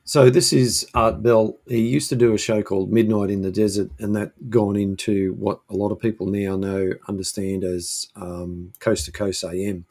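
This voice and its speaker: A man's voice: on the low side, flat delivery, normal speed, hardly any pauses, darkish tone. A man hosting a casual live-stream chat from his shed, hesitant and full of ums and restarts. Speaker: host. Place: home shed.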